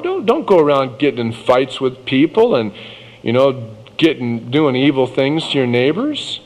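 A man preaching a sermon, reading scripture slowly and measuredly, then breaking into casual asides. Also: a little high, sing-song, big-room sound, poor audio.

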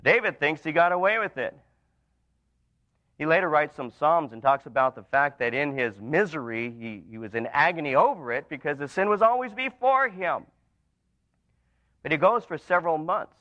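A man preaching a sermon, telling stories and dropping to soft, emphatic lines. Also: mid-range voice, no room sound. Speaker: pastor. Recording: dull lo-fi recording.

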